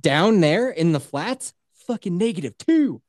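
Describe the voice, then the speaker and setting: A woman in casual podcast chat, swearing a lot as she tells a story and slipping into quick voices for the people in it. Her pitch swings around a lot, and the dry sound has almost no room echo. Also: very animated, a little mellow. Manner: swears freely and acts out other people's voices. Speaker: podcast co-host.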